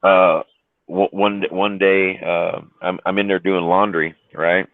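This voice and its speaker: This livestream trucker takes it slowly, his low-pitched voice flat, with no room sound on the dry, tinny phone-like line. He spins rambling, profane trucking stories stuffed with "you know" and "right?".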